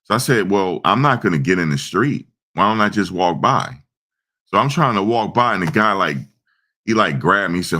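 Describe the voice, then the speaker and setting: A man casually telling stories, acting out voices with sudden high-pitched outbursts in profane, slangy talk. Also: lively intonation, normal speed, bright, forceful tone. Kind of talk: casual storytelling.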